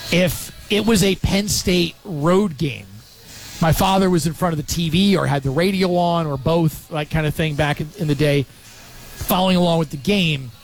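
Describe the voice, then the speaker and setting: High-voiced man telling a lively sports story. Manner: animated storyteller, quick asides. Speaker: sports radio host. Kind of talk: casual sports talk storytelling.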